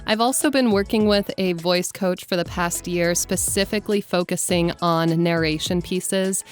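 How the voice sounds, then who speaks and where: Relaxed, reflective woman voice actor. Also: on the low side, normal speed, soft background music. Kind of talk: vlog talk and voice-over.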